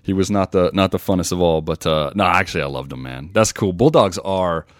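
A man's voice: low voice, a little fast, no echo, clean studio sound. A man hosting an interview podcast, talking in a laid-back, friendly way. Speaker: podcast host. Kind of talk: casual interview chat.

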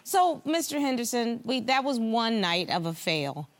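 A woman's voice: fairly high pitch, sing-song, unhurried. Sassy, teasing woman judge. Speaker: TV court judge. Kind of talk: courtroom TV banter.

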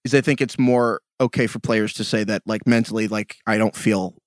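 A man hosting a casual sports podcast chat, animated and often jumping into high mock voices. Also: brisk, dry recording. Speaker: podcast host.

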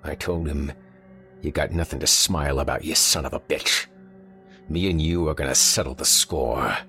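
A man's voice: rumbling low, steady tone, normal speed, sharp tone, soft background music, heavily acted. A man voicing a dying older man with folksy rural grammar, telling his haunted story in a pained, gasping way. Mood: grim, haunted.

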